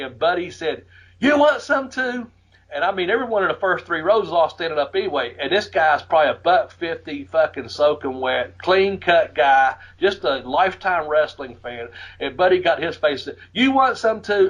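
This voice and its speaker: A middle-aged man from the USA telling wrestling stories in a casual, profane way, laughing often and shouting out the lines he quotes. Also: on the high side, slightly rough. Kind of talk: casual storytelling. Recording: muffled lo-fi audio.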